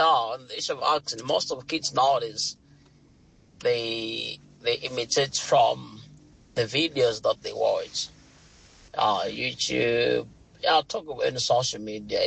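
A man's voice: mid-range voice, gravelly, fairly bright tone, husky, poor audio. A man from Malawi with a British-sounding accent calling a radio show, earnest and repetitive. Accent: British-sounding English. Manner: earnest, repeats himself. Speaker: caller.

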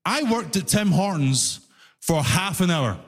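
High-voiced young man doing stand-up. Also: a little slow, very noisy. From immigrant living in Toronto. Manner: animated storytelling, acts out quoted voices, laughs often. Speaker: stand-up comedian. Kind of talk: stand-up comedy set. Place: comedy venue with audience. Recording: live hall reverb, faint ambience.

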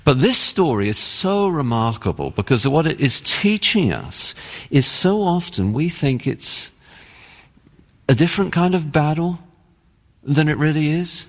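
A man's voice: a little high, sing-song, unhurried, in a large hall. A man with an English accent, a pastor preaching an earnest, emphatic sermon. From England. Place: church sanctuary.

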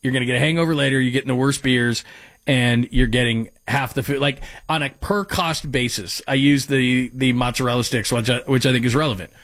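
Guy on sports radio rambling about stuff, mid pitch, super dry studio mic. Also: fairly even intonation, a little fast, a bit bright, dry recording. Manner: rambling, conversational, self-deprecating. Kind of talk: casual sports talk radio.

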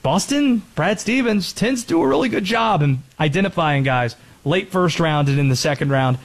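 A male sports radio host talks through picks in a loose, conversational way, trading jokes with his co-host. His voice sits a little high for a man. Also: expressive. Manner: conversational, joking, quick. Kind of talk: casual sports talk.

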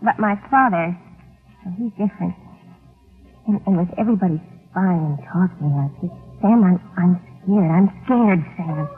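An actress playing a gentle, scared young working woman who stammers and hesitates, in 1940s radio acting. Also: lowish voice, moderate pace, close to an everyday voice. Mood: hesitant. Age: young adult. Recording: tinny old radio broadcast, faint music.

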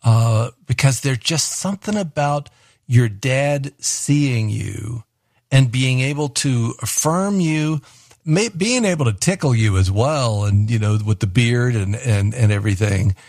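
A man's voice: medium pitch, darkish tone, no room sound, studio quality. A man hosting a devotional radio talk, reflective and earnest, quoting scripture. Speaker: host. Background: music.

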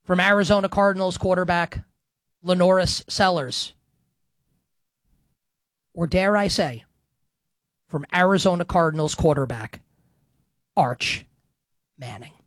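A man giving solo football commentary in an animated, sarcastic way, now and then breaking into sung snippets. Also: sits high, a little slow, long pauses, dry recording. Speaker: football analyst.

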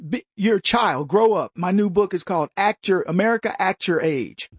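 A man's voice: high-pitched, lively intonation, normal speed, slightly rough, no echo, clean studio sound. A man hosting a commentary show, delivering a combative, mocking opinion monologue and mimicking his opponents.

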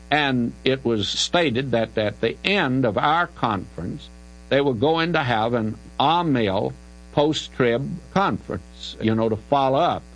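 A man's voice: mid-range voice, rough recording. An older man, a Bible teacher answering listener questions on radio in an emphatic, folksy, conversational way. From Southern United States. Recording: archival radio recording with mains hum.

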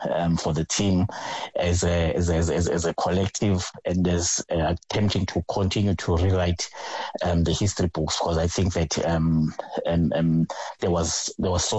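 Brief: South African football spokesman, monotone low voice, halting, lo-fi. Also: breathy edge, dry recording. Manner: hesitant, many ums and restarts. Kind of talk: phone-in radio interview. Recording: muffled lo-fi line.

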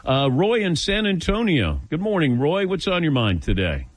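A man's voice: fairly high pitch, moderate pace, dry recording. A man hosting a sports call-in radio show, telling an anecdote in a chatty way and acting out the voices of others. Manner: animated, acts out voices in anecdotes. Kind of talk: casual radio storytelling.

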